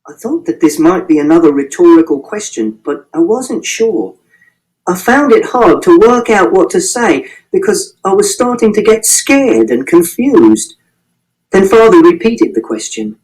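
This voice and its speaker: A man's voice: high voice, very animated, a little slow, darkish tone, low-quality recording. A man reading a first-person audiobook in a precise, literal, matter-of-fact way. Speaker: audiobook narrator.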